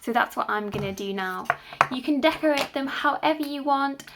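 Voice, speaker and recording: A woman presenting a children's craft activity, explaining each step gently to young children and their carers. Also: sits high, animated, moderate pace, very noisy.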